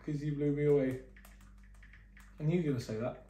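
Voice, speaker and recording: A man vlogging in casual chat, excitable and quick to laugh and swear. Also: fairly high pitch, roomy sound.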